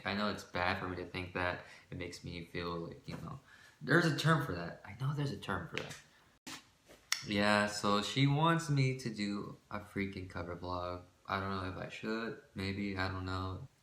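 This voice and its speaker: A man with a low, bright, forceful voice chats to his camera in a casual vlog. He rambles and runs himself down, often breaking off to restart a sentence or laugh nervously. His voice bounces around an echoey room. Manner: rambling and self-deprecating, with frequent restarts; nervous laughter between phrases. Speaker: vlogger.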